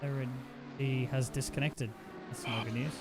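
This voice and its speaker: A man commentating a sim racing event live, jumping up in excitement when the action heats up. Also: background noise. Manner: excitable, quick to rise in pitch on action. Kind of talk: live esports race commentary.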